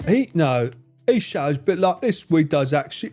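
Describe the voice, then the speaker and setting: With a sing-song delivery and a darkish tone, this high-leaning British man bantes with viewers during a live stream. Quick jokes and frequent swearing fill his talk, over faint guitar music.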